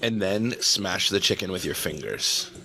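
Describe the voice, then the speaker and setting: Lively low-voiced man hosting a food vlog. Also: measured pace, vocal fry. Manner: upbeat, laughs often. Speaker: food vlogger host. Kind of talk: casual food review chat. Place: restaurant dining table. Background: background music.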